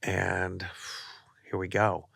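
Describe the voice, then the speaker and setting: A man with a low, gravelly voice and a bright, forward edge tells a story in conversation, acting out the dialogue as he goes. The sound is dry and close, with no room around it. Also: completely flat delivery, extremely slow, dry recording. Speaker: podcast guest, artist and author.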